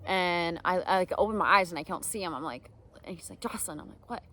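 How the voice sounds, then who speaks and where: A woman's voice: fairly low pitch, fast talker, pushed and bright. A young woman telling a candid personal story and giving advice to people who help students, with lots of "um" and "like" fillers. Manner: rambling, full of "um" and "like" fillers. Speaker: speaker training others to help students.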